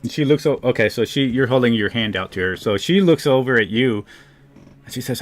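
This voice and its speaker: A man's voice: medium pitch, expressive, a little fast, soft background music. A man narrating a tabletop game as game master, in a loose, rambling way. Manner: loose, rambling, fillers and restarts.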